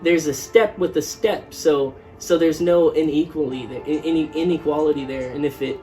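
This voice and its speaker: A man's voice: a little high, normal speed, dark tone, distant mic, soft background music, poor audio. A man in his twenties co-hosting a casual podcast, rambling with lots of restarts and "like". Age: 20s. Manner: rambling, restarts often, heavy use of "like". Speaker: podcast co-host.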